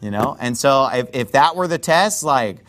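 A man preaching a sermon in a conversational, digressive way with quick rhetorical asides. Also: medium pitch, expressive, a bit bright.

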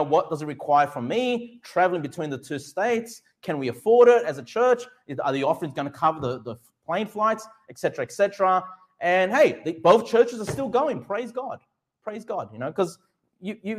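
A middle-aged Australian pastor with a high-pitched voice preaches emphatically. He poses questions to the congregation, answers them himself, and slows right down to stress Bible verses.

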